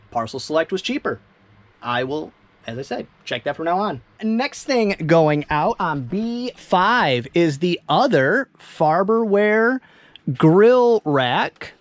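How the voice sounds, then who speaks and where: Chatty high-voiced man packing orders. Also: a little hiss or hum. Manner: rambling, chatty, self-amused. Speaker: eBay reseller. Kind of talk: casual vlog narration while packing orders.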